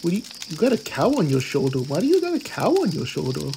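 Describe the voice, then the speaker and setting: A man voicing a cheerful, eager pitbull puppy, commenting on gameplay with excitable gasps and goofy puns. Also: fairly high pitch, fast, vocal fry, background noise, exaggerated voice. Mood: excited. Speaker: game commentator.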